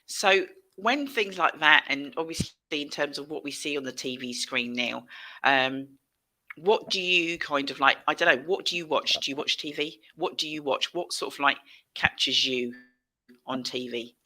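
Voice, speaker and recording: A woman hosting a talk show, animated and quick to laugh in casual chat. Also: low voice. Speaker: host.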